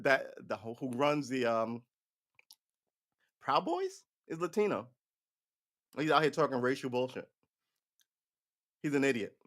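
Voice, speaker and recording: A man's voice: a little high, bright, forceful tone. A man giving casual, profane political commentary on a livestream, ranting and slipping into mocking voices.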